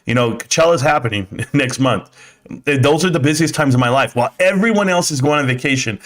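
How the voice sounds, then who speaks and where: A man's voice: mid-range voice, expressive, fairly quick, a bit bright. Rambling man hosting a live stream. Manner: rambling, talkative, swears casually. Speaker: livestream host. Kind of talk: casual livestream chat, reading comments.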